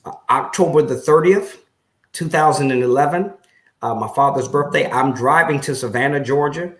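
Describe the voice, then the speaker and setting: A pastor being interviewed shares his story at a moderate pace, his voice on the high side and echoing around the room. His tone stays earnest and reflective but livens up when he relays conversations.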